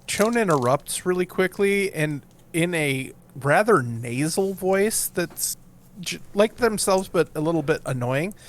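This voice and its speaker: A player at a tabletop game, quick and joking. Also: medium pitch, animated, slight background noise. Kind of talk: tabletop role-play.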